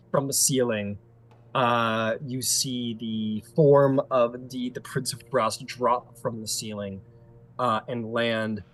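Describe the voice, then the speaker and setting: A man's voice: medium pitch, a bit bright. A man narrating a tabletop game as game master, casual and hesitant with many fillers.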